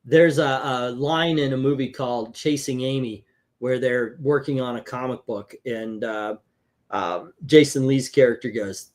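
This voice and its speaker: A man hosting a casual comic book review chat, talking in an animated, chatty way and laughing easily. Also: medium pitch, normal speed. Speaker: comic book show host.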